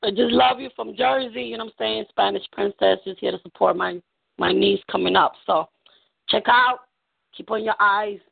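A woman's voice: medium pitch, steady tone, moderate pace, vocal fry, slightly rough. A woman with a New York accent calling in to a radio show, proud and supportive. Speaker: caller. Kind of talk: call-in shout-out. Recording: tinny phone-line call.

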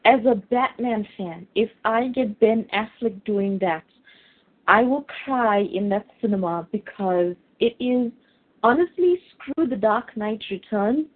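A woman chatting casually as a podcast co-host, excitable and gushing. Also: medium pitch, unhurried. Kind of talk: casual chat. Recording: tinny phone-like line.

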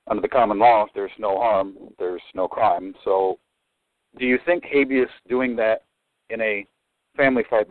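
A man calling in who asks a question in deliberate, formal legal wording. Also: fairly low pitch, no echo. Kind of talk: call-in question. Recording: tinny phone line, dry.

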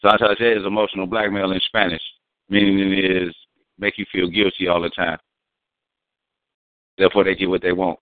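A man's voice: sits low, level tone, fairly quick, pauses often, no room sound. A man in casual, profane, rambling talk, explaining slang terms and acting out quotes. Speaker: guest. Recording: dry, phone-like sound.

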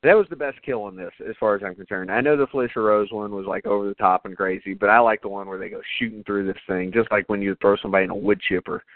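Man, horror podcast co-host, excitable and profane, dry phone-like sound. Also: on the low side, quick pace, hardly any pauses, dry recording. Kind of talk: casual horror movie chat.

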